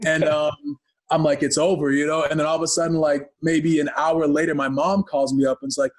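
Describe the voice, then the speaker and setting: A man from Ghana, a podcast guest, telling stories in a lively, chatty way and acting out other people's voices. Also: on the high side, a little fast. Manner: lively storyteller who acts out voices. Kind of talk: casual interview chat.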